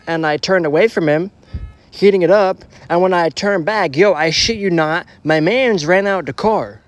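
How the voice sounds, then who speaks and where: A young man with a slightly high voice tells a casual, rambling story, heavy on slang and swearing. He restarts his sentences often and piles on filler. The sound is dry and close. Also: moderate pace, no echo. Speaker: storytelling vlogger.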